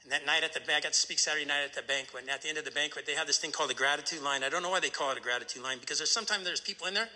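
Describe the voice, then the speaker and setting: A man speaking at a recovery meeting, telling a personal story in an animated way and often asking "right?". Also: a little high, very fast, hardly any pauses, long reverb tail.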